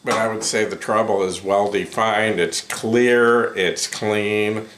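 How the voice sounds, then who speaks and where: Deep-voiced man reviewing gear, roomy sound. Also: steady tone, fairly bright tone. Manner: unhurried, many ums and self-corrections. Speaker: headphone reviewer. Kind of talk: casual first-impressions review. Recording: roomy echo.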